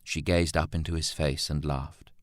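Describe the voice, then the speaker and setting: Low-pitched male audiobook narrator, dry and close. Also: little pitch movement, normal speed, no room sound. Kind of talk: scripted narration.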